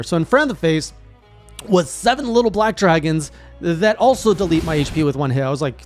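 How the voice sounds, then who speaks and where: A man, a gaming streamer, recapping his playthrough in casual narration with animated, excited reactions. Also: on the high side, fairly quick, faint music behind.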